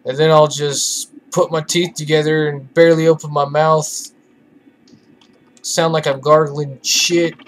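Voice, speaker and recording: A tired let's play gamer rambles through casual, profane, opinionated commentary while playing a video game. His voice sits on the high side, with a steady tone and a measured pace.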